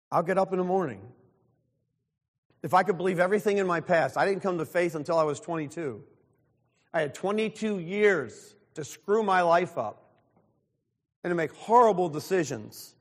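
A man's voice: a little high, big-room sound. A pastor in his sixties preaching a sermon, earnest and openly self-deprecating. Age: 60s.

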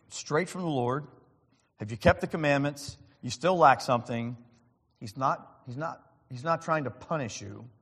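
A man preaching in a church, telling a story with earnest feeling and acting out the other people's lines. His voice sits at an ordinary male pitch. It rings with the long reverb of a large hall. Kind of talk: sermon with personal story.

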